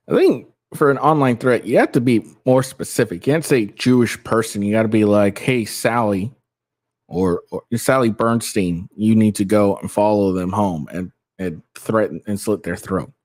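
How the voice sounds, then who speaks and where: A man's voice: on the low side, normal speed. A man giving casual, rambling reaction commentary, swearing often and thinking aloud with frequent restarts. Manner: thinks aloud, trails off quietly at times. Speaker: commentary streamer.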